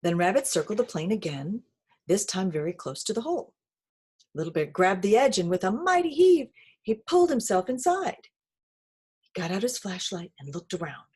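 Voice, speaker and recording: Woman, picture book read-aloud, sing-song, lively pitch, slightly breathy. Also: moderate pace. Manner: expressive, sing-song storytelling. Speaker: reader.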